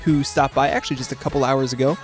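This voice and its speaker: An upbeat man hosts a pop music podcast in a casual, chatty way. His voice sits at an ordinary mid pitch, and he laughs easily between topics. Faint music plays in the background. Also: flat delivery, fast. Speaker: podcast host. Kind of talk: casual chat. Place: studio in New York.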